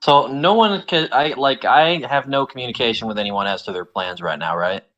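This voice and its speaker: A man's voice: mid-range voice, moderate pace, fairly bright tone, dull audio. A man playing a tabletop game, asking unsure questions and swearing now and then. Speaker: player.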